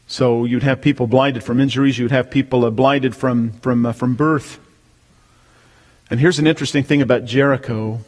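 A man preaching a sermon as pastor, emphatic, swelling to near-shouts on key words. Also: mid-range voice, steady tone, normal speed, in a large hall.

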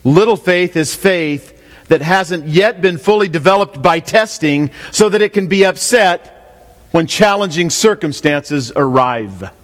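Guy preaching in a church, slightly high voice, keeps asking the crowd questions, long echo. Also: expressive, unhurried. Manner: asks the congregation questions, repeats key lines. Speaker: pastor. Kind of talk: expository sermon. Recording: long hall reverb.

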